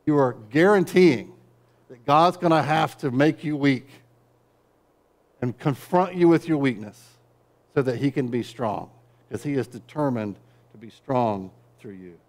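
Preaching at a measured pace, a middle-aged pastor mixes in wry, conversational asides. The sermon dips into quiet, low passages and rises to loud, driving peaks.

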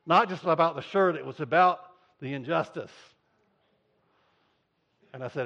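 Animated male pastor telling a story. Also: fairly high pitch, a little slow, vocal fry, pauses often. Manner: animated storyteller, acting out voices. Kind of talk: sermon with storytelling. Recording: dull lo-fi sound.

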